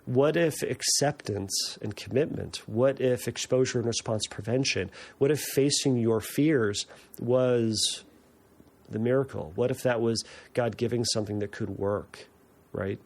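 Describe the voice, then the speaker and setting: Speaking a bit slowly in a mid-range, slightly mellow voice, a man hosts a podcast and talks through explanations casually. He leans heavily on fillers and keeps restarting his sentences.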